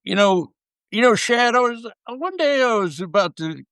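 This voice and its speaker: A man doing an impression of a retired star pitcher, an older man with a Southern US drawl telling a folksy, animated yarn. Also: moderate pace, clear, resonant tone, dry recording, studio quality, full character voice. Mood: amused. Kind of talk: impression within an interview.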